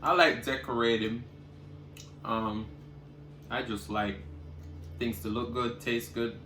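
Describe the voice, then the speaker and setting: Slow and steady in tone, a man with a mid-range voice chats directly to viewers while eating, pausing for loud, savoring hums. This casual mukbang from a cooking vlogger is recorded in an echoey room with faint music behind.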